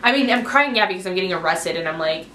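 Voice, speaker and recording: A woman's voice: lowish voice, lively intonation, fast, sharp tone, a little hiss or hum. A woman in her twenties telling a personal story to her camera, rambling and full of "like" and "um". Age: 20s. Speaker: vlogger. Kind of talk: casual story time. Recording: echoey room.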